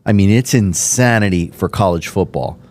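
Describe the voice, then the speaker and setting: Deep-voiced storytelling podcast host. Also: male voice, moderate pace, a little mellow, slight background noise. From Miami. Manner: rambling, enthusiastic storytelling with many fillers. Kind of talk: casual interview chat.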